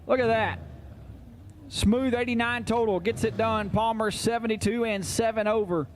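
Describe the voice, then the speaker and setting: A man announcing drag races live at an outdoor track, rattling off names, times and jokes over the loudspeaker. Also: high voice, fairly even intonation, a little hiss or hum. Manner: rapid-fire jokey announcing. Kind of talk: live race commentary over PA. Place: outdoor racetrack.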